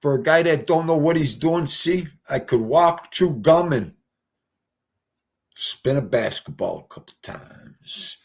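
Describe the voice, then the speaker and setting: A man with a fairly high voice hosting a livestream from home. He talks slowly and loosely, rambling from one thing to the next and getting emotional along the way. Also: lively intonation, creaky. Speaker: livestream host. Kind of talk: casual chat.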